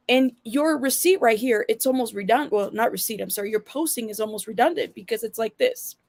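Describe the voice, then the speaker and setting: A woman's voice: fairly high pitch, creaky, darkish tone, dry recording, studio quality. A woman hosting her own channel, talking bluntly and with sass straight to her viewers in casual commentary. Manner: blunt, sassy, addresses viewers directly. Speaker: channel host.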